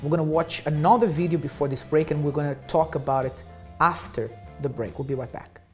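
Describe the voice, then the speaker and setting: A man hosting a studio talk show, briskly leading into and out of breaks. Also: on the high side, a little mellow, soft background music.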